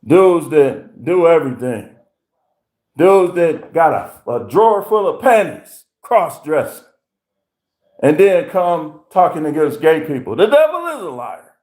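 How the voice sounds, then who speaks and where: A man hosting a livestream, telling stories in a profane, animated rant with voiced impressions. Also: fairly high pitch, unhurried. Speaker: livestream host. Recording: roomy echo.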